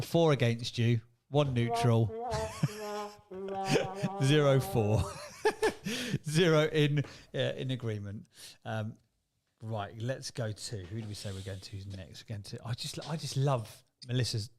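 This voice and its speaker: A man from Wales hosts a relaxed morning group call at a middle pitch. He jokes freely and chuckles between remarks as he hands over to callers. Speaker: host. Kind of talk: casual chat.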